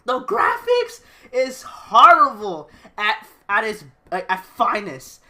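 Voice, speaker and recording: A woman's voice: fairly high pitch, wildly swooping pitch, slow, sharp tone. A woman ranting in a profane video game reaction, swearing constantly and breaking into laughter. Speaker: gaming video creator.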